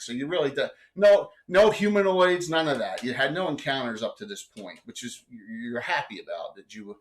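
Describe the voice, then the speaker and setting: A man's voice: mid-range voice, lively intonation, fairly quick, few pauses. A man running a live tabletop game as game master, talking in a rambling way with many fillers and restarts.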